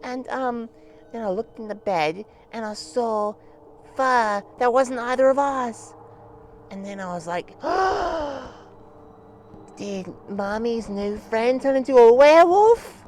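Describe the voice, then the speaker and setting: A man's voice: very high-pitched, a little slow, darkish tone, a little hiss or hum. A man doing a rambling little boy puppy. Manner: rambling, forgetful storytelling. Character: rambling young boy puppy, easily sidetracked.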